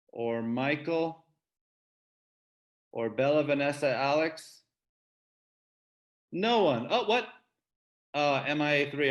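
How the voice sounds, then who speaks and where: Upbeat man teaching an online class. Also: a little high. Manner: upbeat, coaxing students to read. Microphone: video call.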